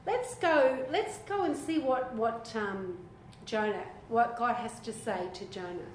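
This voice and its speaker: Woman leading a bible study, chatty and animated, bit high voice, echoey room, faint hum behind. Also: a little slow. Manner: animated, chatty, acts out voices of biblical figures. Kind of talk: group Bible study discussion. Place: echoey room with a small group.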